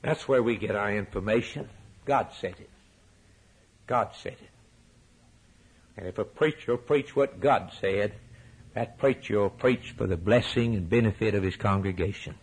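Husky preacher with soaring swings. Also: male voice, normal speed, long pauses, low-quality recording. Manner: dramatic swings from soaring emphatic peaks to hushed low lines; rhetorical repetition. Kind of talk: sermon.

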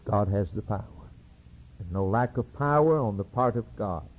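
A man's voice: fairly low pitch, animated, moderate pace, husky, low-quality recording. A man preaching a sermon in a dramatic, solemn way.

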